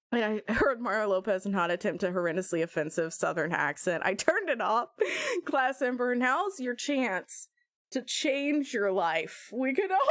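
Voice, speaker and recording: Animated woman streamer chatting. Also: mid-range voice, no room sound, studio quality. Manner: animated, jokey, sudden squeals and laughs. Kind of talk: casual live-stream chat.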